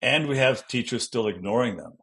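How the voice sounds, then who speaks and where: A middle-aged man, an educational consultant, answering interview questions in an animated way and acting out classroom examples. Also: medium pitch, a little fast. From Denver, Colorado.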